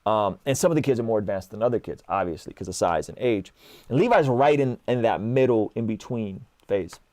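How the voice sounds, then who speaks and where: In a brisk, lowish voice, a male guest in his thirties animatedly tells stories over casual conversation. He acts out the dialogue and keeps adding "like" and "right?". No room sound is audible.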